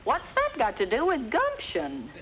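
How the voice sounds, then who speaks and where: An actress playing a scheming, bossy young woman in a 1950s sitcom, brisk and commanding. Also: high-pitched, wildly swooping pitch, gravelly, slight background noise, full character voice. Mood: insistent. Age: young adult. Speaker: daughter. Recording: dull lo-fi 1950s TV audio with music.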